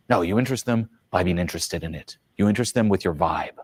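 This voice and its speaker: A man coaching on social skills, telling stories in a lively, expressive way. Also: fast talker, husky, dry recording. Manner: lively, expressive, swings in pitch. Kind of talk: animated storytelling advice.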